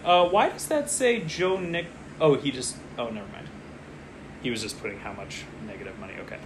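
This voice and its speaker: A man's voice: medium pitch, fairly quick, noisy background. A man co-hosting a casual podcast, chatting and rambling as he follows a fantasy football draft and gets distracted mid-story. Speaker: podcast co-host.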